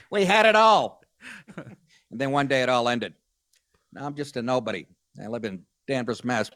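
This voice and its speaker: A man's voice: mid-range voice, dry recording, studio quality. A middle-aged man hosting a comedy talk show, reading news stories aloud and riffing on them in a crude, sardonic way.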